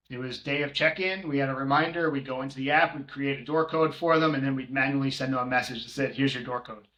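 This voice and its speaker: A short-term rental manager co-hosting a podcast talks casually with many filler ums while running through tools and prices. His voice is mid-range and bright with a forceful tone, and the recording has a roomy echo.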